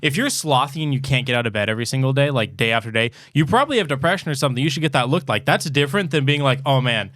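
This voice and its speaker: A man's voice: mid-range voice, rapid-fire, few pauses, fairly bright tone, dry recording, clean studio sound. A man co-hosting a podcast, blunt and profane, stammering through restarts in casual chat. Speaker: podcast co-host.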